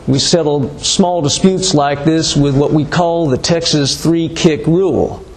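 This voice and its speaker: A man voicing a cranky, stubborn old male Texas farmer with a gruff, folksy way of talking. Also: fairly high pitch, a little slow, slight background noise, rough recording.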